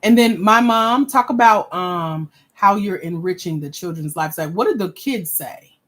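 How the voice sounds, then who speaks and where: A woman's voice: lowish voice, unhurried, fairly bright tone. A woman hosting a livestream as a grant coach, reading viewer comments aloud and giving blunt, sassy feedback in casual slang.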